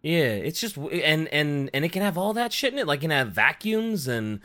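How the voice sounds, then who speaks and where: A man's voice: on the high side, big pitch swings, fairly quick, bright, forceful tone. A man co-hosting a casual podcast, joking and reacting loosely, with some swearing. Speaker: podcast co-host.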